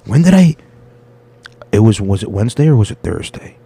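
A man's voice: lowish voice, big pitch swings, a little fast, gravelly, warm tone, breathy edge. A man hosting a podcast, telling a rambling, profane story in a casual monologue and acting out the people in it. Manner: rambling, profane, quotes people in his stories. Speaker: podcast host and stand-up comic.

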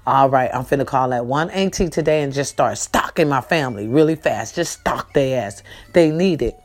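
Low-voiced woman, talking straight to her viewers, swears a lot, goes from loud and lively to slow and quiet. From California. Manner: animated and swearing at first, then slow and subdued while grieving. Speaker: host. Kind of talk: casual monologue to viewers.

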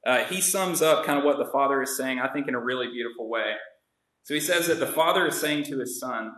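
A man's voice: mid-range voice, a little fast, a bit bright, reverberant, poor audio. A man preaching a sermon in an earnest, conversational way, acting out the voices of the story's characters. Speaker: pastor.

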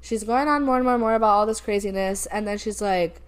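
A young female podcast co-host has a clean tone, medium pitch, and quick pace. She animatedly recounts a work call in casual chat, voicing the quotes and often laughing.

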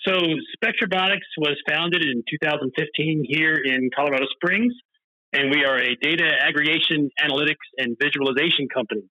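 A man's voice: on the high side, a little fast, sharp tone, no echo, low-quality recording. A man being interviewed as a company founder, answering eagerly and explaining things plainly.

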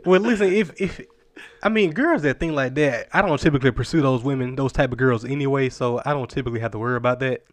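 Young man, measured and hedging. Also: medium pitch. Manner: measured, hedges with frequent "like". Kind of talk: casual chat.

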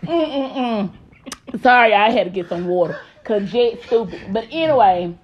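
A woman's voice: fairly high pitch, expressive, a little slow, dull audio, background noise. A woman hosting a casual advice chat, talking brash and profane with lots of laughter. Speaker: host.

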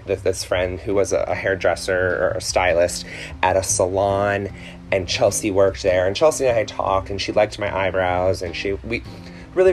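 Chatty podcast host, lower voice. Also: male voice. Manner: chatty, rambling, with many ums and self-corrections. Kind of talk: casual chat.

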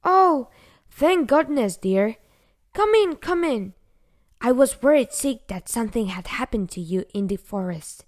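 A woman voicing a kindly, fretful elderly grandmother who speaks slowly and soothingly. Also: a little high, expressive, no echo, clean studio sound. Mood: relieved. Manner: slow, soothing, motherly. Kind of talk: storybook reading.

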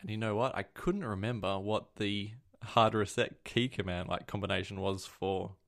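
A low, gravelly man's voice co-hosting a casual tech chat. He wanders through his stories, stopping to correct himself mid-sentence. The fry in his voice stays steady throughout. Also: moderate pace. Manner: rambling, self-correcting storyteller. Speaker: podcast co-host.

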